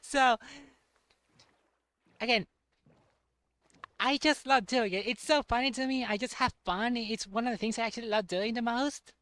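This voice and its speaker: A young man streaming a game, chatting casually in a halting way and repeating words. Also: very high-pitched, bright, forceful tone, no room sound. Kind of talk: casual chat while playing a game.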